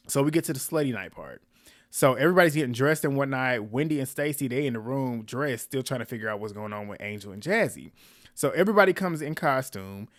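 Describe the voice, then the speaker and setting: A man talks through a reality TV episode in a loose, gossipy recap. His delivery is animated and full of laughter, with his pitch sitting in the middle. The sound is dry and close, with no room around it. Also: no echo.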